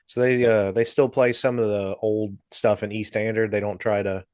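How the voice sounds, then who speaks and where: A man hosting a video call chat about guitar rigs, relaxed and laid-back, with casual swearing. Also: fairly low pitch, normal speed, dry recording, studio quality. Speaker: host.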